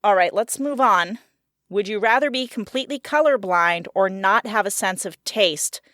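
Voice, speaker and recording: Frank bright-voiced woman co-host. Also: medium pitch, lively intonation, normal speed, dry recording, studio quality. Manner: frank, outspoken, laughs often. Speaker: podcast co-host. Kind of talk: casual chat.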